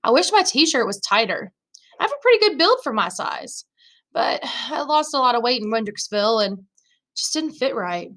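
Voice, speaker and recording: Woman teacher reading a novel aloud, bright, somewhat high voice. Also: sing-song, normal speed. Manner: first-person narration with dialogue voiced in her own voice.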